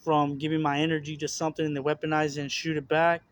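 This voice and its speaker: Rambling earnest man, slightly high voice. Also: level tone, quick pace. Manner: rambling, repeats words and restarts, many fillers; earnest, confessional. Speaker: religious video host. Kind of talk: casual spiritual monologue.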